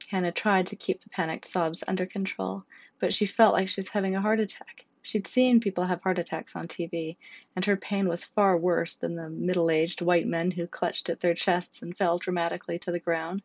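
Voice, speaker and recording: A woman narrating a storybook in a steady, measured way. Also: fairly low pitch, no echo. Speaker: audiobook narrator. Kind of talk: scripted narration. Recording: dull, dry lo-fi recording.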